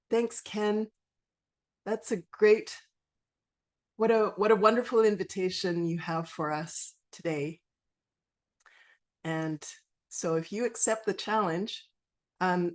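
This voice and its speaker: A woman moderating an online book reading over a video call, chatty and encouraging with casual fillers. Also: medium pitch.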